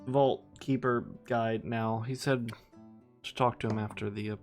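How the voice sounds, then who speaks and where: Curt, low-key male player. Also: steady tone, measured pace, soft background music.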